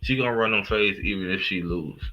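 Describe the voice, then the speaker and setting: A man's voice: lowish voice, a little fast, sharp tone, a little hiss or hum, poor audio. A man hosting a live reaction stream, talking in a casual, slangy, profane and emphatic way.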